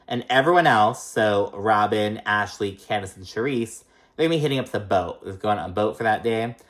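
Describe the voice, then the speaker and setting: Recap vlogger: casual, profane, filler-heavy, mid-range voice, animated when mimicking the cast. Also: medium pitch, moderate pace. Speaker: reality TV recap host. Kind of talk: casual gossipy episode recap.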